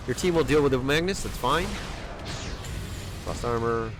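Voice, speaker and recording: A male coach talks through a player's match replay with a lively, swinging pitch. He reacts sharply and repeats urgent instructions. Clear background music plays under his voice. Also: normal speed, long pauses. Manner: animated, exclaims and repeats urgent commands. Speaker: game coach reviewing a viewer's replay. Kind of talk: replay analysis commentary.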